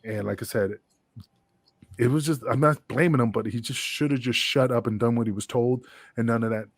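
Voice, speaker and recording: A man's voice: medium pitch, a little fast, no room sound, clean studio sound. A man, a guest wrestler, telling a long, rambling, profane backstage story in an interview. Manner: rambling, profane, full of fillers.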